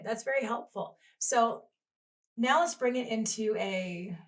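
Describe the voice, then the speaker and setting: Higher-voiced woman podcast host. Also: unhurried. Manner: laughs easily, asks leading questions. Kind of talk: podcast conversation.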